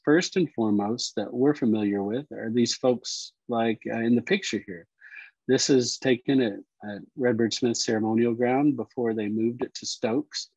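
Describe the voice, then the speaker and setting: A man teaching Cherokee words and culture, explaining slowly and repeating each word. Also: medium pitch, a little mellow, husky, no room sound, dull audio. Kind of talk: explanatory lesson talk.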